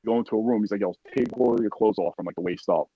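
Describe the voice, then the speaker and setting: Profane, animated man telling a war story. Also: on the low side, fast, breathy edge, dry recording, lo-fi sound. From United States. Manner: profane, animated, acts out quoted voices. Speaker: podcast guest, army veteran. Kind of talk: casual storytelling.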